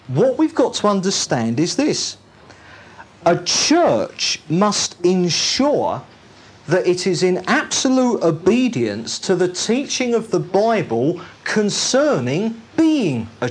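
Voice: medium pitch, huge pitch swings, slow pace, slightly rough. A preacher delivering a sermon emphatically, repeating key phrases and putting rhetorical questions to the listeners.

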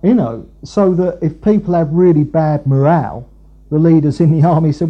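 Man preaching, husky and very dark-toned, slightly high voice, dull lo-fi recording, rambling. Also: normal speed. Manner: rambling, many fillers and restarts. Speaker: preacher, Bible teacher. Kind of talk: conversational sermon.

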